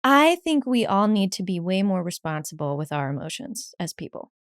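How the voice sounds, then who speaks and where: A woman therapist as a podcast guest, speaking candidly and with energy, quoting people in lively voices. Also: medium pitch, clear, resonant tone, dry recording, studio quality. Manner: candid and lively, quick bursts, laughs, acts out quotes. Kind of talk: casual conversation.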